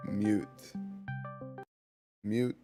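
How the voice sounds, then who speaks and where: A man's voice: on the low side, little pitch movement, very slow, over music. A man giving casual, jokey commentary while streaming a game, laughing often and chatting with his viewers.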